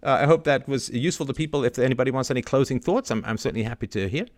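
A man hosting an online roundtable, talking in an animated, emphatic way in casual discussion. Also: medium pitch, rapid-fire. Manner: animated, emphatic, mimics other voices. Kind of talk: casual panel discussion, ranting.

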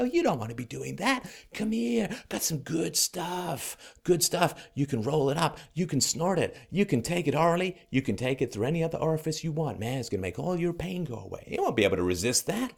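A man voicing a sleazy male drug pusher who coaxes from a dark alley. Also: fairly high pitch, gravelly, pitched above the performer's own voice. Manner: wheedling, coaxing.

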